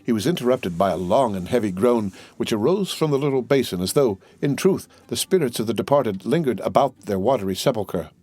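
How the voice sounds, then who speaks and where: A man's voice: medium pitch, animated, darkish tone. Male audiobook narrator over faint music. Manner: measured storytelling, reading all parts. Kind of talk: scripted narration.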